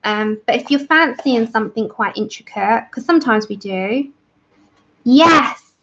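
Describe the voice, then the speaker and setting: A woman's voice: a little high, moderate pace, fairly bright tone, dull audio, slight background noise. A woman hosting a colouring livestream, chatting enthusiastically and greeting viewers by name. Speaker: livestream host of a colouring channel. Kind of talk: casual livestream chat with viewers.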